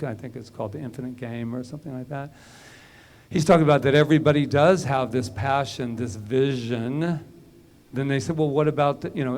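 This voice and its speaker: A male minister giving a conversational sermon, telling personal stories and dropping to a hush for inner moments. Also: mid-range voice, slight background noise. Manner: conversational and storytelling, drops to a hush when recounting inner moments.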